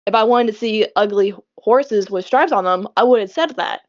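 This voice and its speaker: A woman's voice: medium pitch, normal speed. A young woman in casual chat as a podcast co-host, telling rambling stories with frequent laughs. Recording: dull lo-fi sound.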